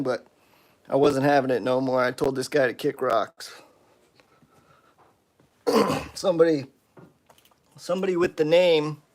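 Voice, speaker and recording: A man hosting his own live stream, selling slingshots and venting about a customer in casual, animated, slangy talk. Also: on the high side. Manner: animated, aggravated storytelling with lots of "dude" and "bro".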